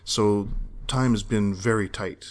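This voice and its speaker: A man's voice: fairly low pitch, slow. A man co-hosting a podcast, chatting casually and rambling as he corrects himself on details. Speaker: podcast co-host reviewing a TV series. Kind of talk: casual chat.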